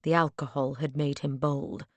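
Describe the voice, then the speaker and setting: A woman narrating a first-person audiobook in a measured, earnest storytelling manner on a close mic. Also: low-pitched, fairly even intonation, no room sound.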